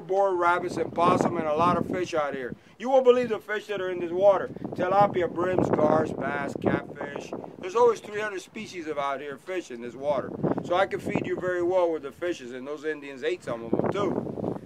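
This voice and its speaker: A man with a fairly high voice gives an airboat tour outdoors, teasing his passengers and telling stories in a playful, joking way. He is picked up by a camera on the boat. Loud wind and engine roar run under everything he says. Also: lively intonation, moderate pace. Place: outdoors on a moving airboat in wetlands. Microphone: 360 camera mounted on the boat.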